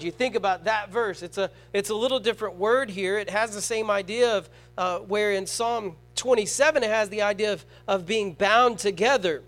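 A man preaching a sermon to a congregation, asking the crowd rhetorical questions and swinging between loud emphatic stresses and quiet, slow scripture reading. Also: sits high.

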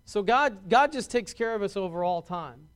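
Guy preaching w a pretty high voice, chatty sermon style, keeps restarting n asking the crowd stuff. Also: expressive, normal speed, clean tone. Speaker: pastor.

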